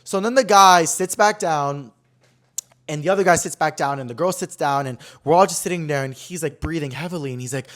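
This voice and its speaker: A man's voice: on the high side, a little fast, a bit bright. A young man hosting his own podcast, telling a story in a casual, dramatic way full of "like" fillers. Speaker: podcast host.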